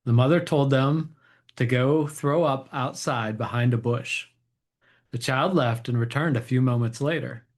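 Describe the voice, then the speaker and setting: A middle-aged man hosting a casual show and reading jokes aloud in a relaxed, upbeat way with some fillers. He sits a little away from the microphone. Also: medium pitch, unhurried. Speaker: podcast host. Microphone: table mic set away from the speakers.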